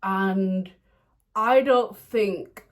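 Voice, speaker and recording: A young woman talks through her makeup routine in a casual chat at home. She is chatty and playful, laughing often and now and then breaking into excited outbursts. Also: medium pitch, extremely slow. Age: young adult. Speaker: beauty vlogger. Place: home room, indoors.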